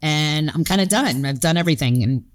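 Woman, about fifty, lowish voice, animated, acts out voices, swears freely, interview guest. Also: fairly quick. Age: around 50. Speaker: guest, fitness coach and gym owner. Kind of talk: candid podcast interview.

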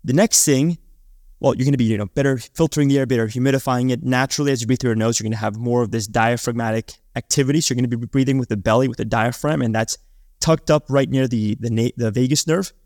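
A man's voice: medium pitch, steady tone, fast, a little mellow, dry recording, clean studio sound. A man who hosts a podcast, giving casual advice in a chatty way, often restarting and filling with likes and ums. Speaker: podcast host.

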